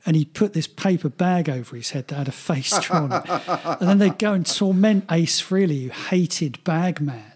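A man co-hosting a loose conversation, his voice a touch husky and pitched somewhat high. He rambles cheerfully, laughing as he goes and circling back on his words. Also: normal speed, few pauses, a little mellow. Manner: chatty, laughing, many restarts and "you know". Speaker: podcast co-host. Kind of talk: casual chat.

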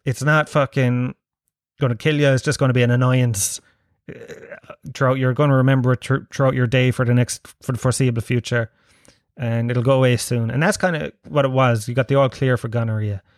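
Irish guy ranting casually, swears a lot, cracks jokes, mid pitch, very dry close sound. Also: steady tone, fairly quick, dry recording. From Ireland. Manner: profane, joking, rambling banter. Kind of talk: casual monologue.

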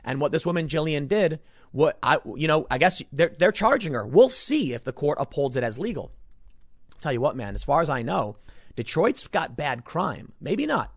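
A man's voice: a little high, very animated, moderate pace, dry recording, studio quality. A man from Chicago giving an emphatic, rambling commentary on news stories, often repeating himself as he talks. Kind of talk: opinionated news commentary monologue.

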